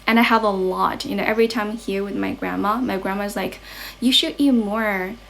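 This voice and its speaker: A woman's voice: medium pitch, little pitch movement, fast talker, gravelly, a bit bright, a little hiss or hum. A young woman from China with a Chinese accent, chatting casually on a livestream at her grandmother's home and switching between English and Chinese. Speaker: livestream host and English teacher. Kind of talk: casual bilingual livestream chat.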